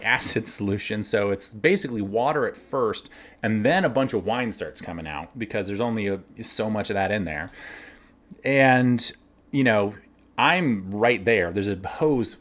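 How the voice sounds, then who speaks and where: A man casually telling workplace stories, animated, laughing now and then and acting out the lines of others. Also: fairly low pitch. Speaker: winery cellar worker telling stories. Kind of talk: casual storytelling.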